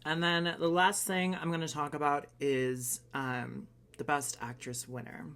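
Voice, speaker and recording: A man's voice: a little high, little pitch movement, unhurried, fairly bright tone, smooth. Blunt, opinionated man vlogging. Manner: swears casually. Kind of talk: casual reaction vlog.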